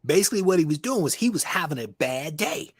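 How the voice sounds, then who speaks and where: A man's voice: a little high, big pitch swings, fast, breathy edge, dry recording, studio quality. A man hosting a live stream, encouraging his guest and summing up his points. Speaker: host. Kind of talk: live-stream talk show.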